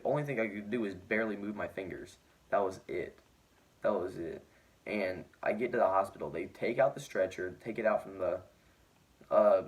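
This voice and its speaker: A teenage boy vlogging, telling his story in a rambling way with lots of "like" fillers, sounding injured and shaken. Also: lowish voice. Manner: rambling, heavy use of "like" fillers. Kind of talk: casual storytelling to camera.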